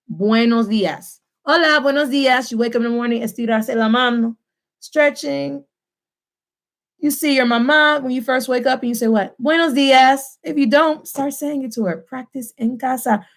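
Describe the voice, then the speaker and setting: A woman in her thirties teaching a lively online Spanish lesson from home, switching between English and Spanish. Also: on the high side, moderate pace. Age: 30s.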